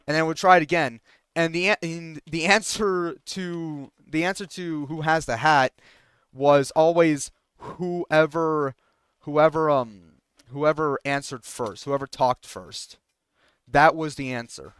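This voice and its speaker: A man's voice: fairly high pitch, fairly even intonation, slow pace, a bit bright, clear, resonant tone, dry recording, studio quality. A young man streamer telling a rambling story with many restarts and fillers, sometimes indignant, in casual talk while gaming.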